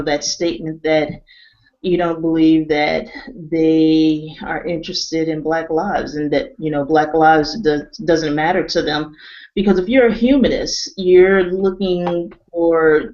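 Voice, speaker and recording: A woman hosting a webcast panel discussion, wrapping up in a measured, conversational way. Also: low voice, darkish tone. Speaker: webcast host. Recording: dull lo-fi webcast audio.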